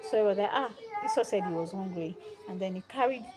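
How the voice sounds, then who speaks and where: A young woman hosting a live stream, telling a Bible story in a casual, animated and dramatic way. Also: mid-range voice, fast, poor audio. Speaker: livestream host.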